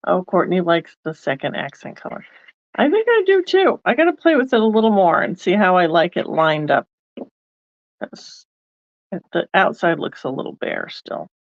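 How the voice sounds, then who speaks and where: A woman's voice: lowish voice, animated, normal speed, no room sound, lo-fi sound. A woman hosting a card-making video, chatting casually and thinking aloud as she works. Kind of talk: casual crafting demonstration.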